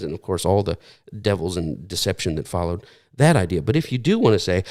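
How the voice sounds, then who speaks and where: Low-voiced man preaching, storytelling style. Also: animated, a little fast, a little mellow. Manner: storytelling, conversational with many restarts. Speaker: pastor. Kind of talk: sermon.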